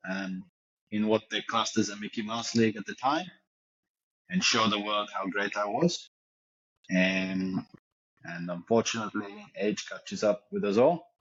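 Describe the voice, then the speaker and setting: A man's voice: fairly low pitch, dull audio. A man doing a bragging fake French footballer. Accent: put-on French accent slipping into Yorkshire. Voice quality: pompous, crude, self-satisfied bragging. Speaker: podcast co-host doing an impression.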